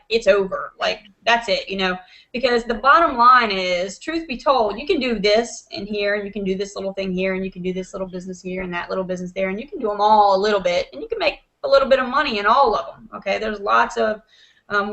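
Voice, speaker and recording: A woman talks from her desk at home over a video call. Her voice has a gravelly rasp and a sharp brightness. She tells her story in a lively way, scattering "you know" and acting out what others said. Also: medium pitch, rough recording. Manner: animated, acts out quotes, many fillers like "you know". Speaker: host of an online video hangout. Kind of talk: casual excited storytelling.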